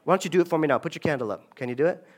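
A pastor preaching a lively, conversational sermon in a church and drawing the congregation into call-and-response. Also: male voice, on the high side, very fast. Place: church sanctuary.

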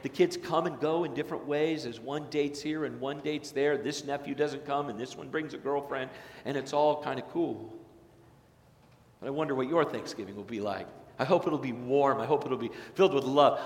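A man's voice: mid-range voice, normal speed. A middle-aged male pastor preaching a sermon in a church, earnest and building to emphatic declarations. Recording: echoey church hall.

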